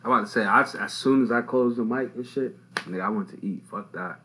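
A young man hosting a casual podcast, telling stories in an animated, slangy way. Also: fairly low pitch, brisk, poor audio. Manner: animated, slangy storytelling with loud laughing outbursts. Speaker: podcast host.

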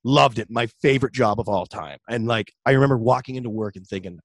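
A young man, a radio host, chatting casually in an interview, relaxed and full of "dude" and "like". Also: medium pitch, fast talker, hardly any pauses, no room sound. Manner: laid-back, chatty, says "dude" and "like" often. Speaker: radio host and metal vocalist.

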